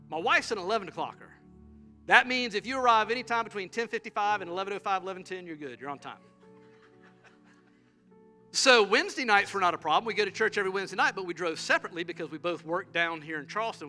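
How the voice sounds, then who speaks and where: A middle-aged man preaches with a high, very bright and forceful voice. He tells stories with humor and acts out the quotes, and soft music plays behind him. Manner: animated, humorous storytelling with acted-out quotes. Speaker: pastor. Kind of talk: sermon.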